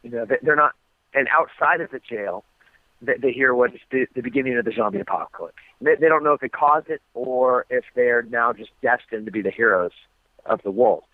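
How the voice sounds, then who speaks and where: On a tinny phone line with no echo, a guest fighter from the United States answers interview questions fairly quickly. His voice sits in the mid range, and he recounts things loosely, with plenty of ums and restarts.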